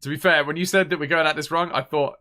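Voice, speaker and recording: A man's voice: fairly high pitch, fairly even intonation, quick pace, bright, forceful tone. A man, chatting casually on a live game stream, thinking aloud and reading out viewer messages.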